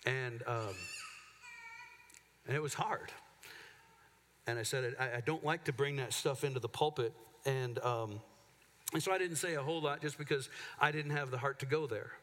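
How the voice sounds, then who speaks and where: A man preaches from the pulpit, telling a personal story in a candid, halting way full of restarts. His voice sits in a middle register. The sound rings with the long reverb of a church sanctuary. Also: medium pitch, a bit bright, slight background noise. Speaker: pastor. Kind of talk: sermon.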